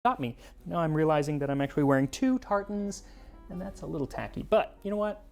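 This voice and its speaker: A man's voice: fairly high pitch, fast, creaky, darkish tone, soft background music. A man hosting a cooking history show in scripted narration, with playful, jokey asides.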